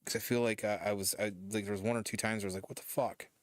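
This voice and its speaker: A man from Michigan chatting casually on a stream while he paints, talking in a loose, rambling way with easy swearing. His voice sits on the low side and sounds smooth and clear. The recording is close and dry. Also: little pitch movement, very fast, no echo. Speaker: streamer host.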